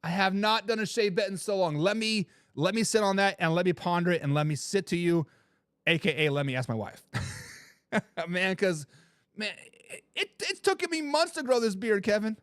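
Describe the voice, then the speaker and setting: A man's voice: high-pitched, expressive, moderate pace, fairly bright tone, no room sound, clean studio sound. A man hosting a casual sports talk stream, reading viewer comments aloud in a laid-back way, laughing often and repeating his catchphrases. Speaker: sports talk show host.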